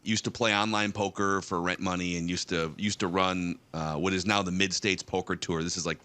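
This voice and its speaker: A man's voice: low-pitched, fairly even intonation, a little fast, pushed and bright. A man in his thirties, a guest telling a rambling story on a talk show with many restarts. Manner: rambling, with frequent restarts and fillers.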